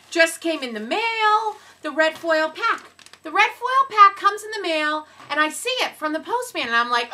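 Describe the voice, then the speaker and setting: A woman gushing excitedly as she unboxes and shows off a product on video, breaking into exclamations and sing-song bits. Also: extremely high pitch, normal speed. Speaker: video reviewer.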